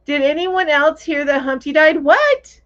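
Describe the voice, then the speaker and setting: A talkative woman hosts a casual crochet livestream and reads out viewer comments. Her voice sits a little high and swoops widely as she thinks aloud. The sound is dull and lo-fi. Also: lively intonation, moderate pace. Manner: chatty, thinks aloud, laughs easily. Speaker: host of a crochet live chat.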